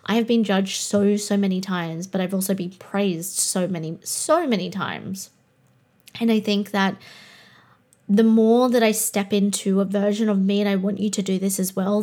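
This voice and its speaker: A woman's voice: mid-range voice, a little mellow. A young adult Australian woman, a podcast host and coach, talking in a candid, blunt way and swearing freely. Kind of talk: casual monologue.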